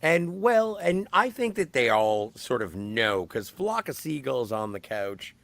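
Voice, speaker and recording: A man's voice: medium pitch, a little slow, creaky, slight background noise. A man co-hosting a podcast, recapping a film in casual chat and often correcting himself mid-sentence. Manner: animated, self-correcting storyteller. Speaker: podcast co-host.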